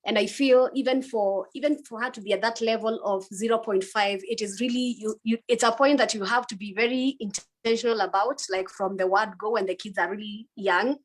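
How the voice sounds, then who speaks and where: A woman's voice: fairly high pitch, steady tone, brisk, few pauses. A woman panelist in a conversational panel discussion who speaks thoughtfully and hesitantly, with many fillers.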